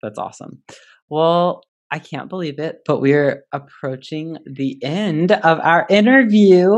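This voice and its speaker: A young woman hosting an interview podcast, reacting with gasps and quick affirmations and wrapping up with her guest. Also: deep voice. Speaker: podcast host.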